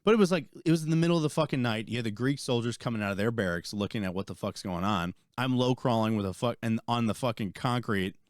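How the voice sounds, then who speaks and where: A man's voice: mid-range voice, fast, hardly any pauses, dry recording. Young army vet guy rambling and cussing on a podcast, mid voice, real dry close mic. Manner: rambling, profane, animated when retelling. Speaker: podcast co-host, army veteran. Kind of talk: casual storytelling chat.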